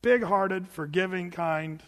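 A man preaching a sermon in a conversational way, with lively asides and acted-out quotes. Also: sits high, takes it slowly, big-room sound. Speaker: pastor.

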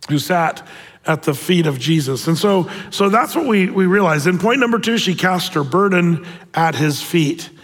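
Animated man preaching in a reverberant hall. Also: high voice. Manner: animated storytelling with playful voiced asides. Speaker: pastor. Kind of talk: sermon.

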